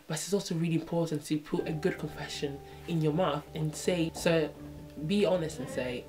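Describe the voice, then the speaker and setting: A woman's voice: deep voice, brisk, mellow, soft background music. A young woman in her twenties talking casually to her viewers in a reflective, chatty way, often asking "you know what I mean" and acting out small exchanges in changed voices. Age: 20s. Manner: acts out little dialogues in changed voices. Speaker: vlogger. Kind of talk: casual talk to camera.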